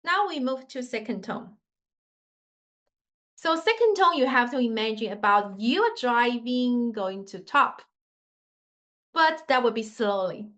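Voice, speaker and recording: With an expressive, somewhat bright voice on the high side, a woman leads a tone pronunciation lesson in Mandarin. Her pace is slow, her manner patient and demonstrative, and her English grammar non-native.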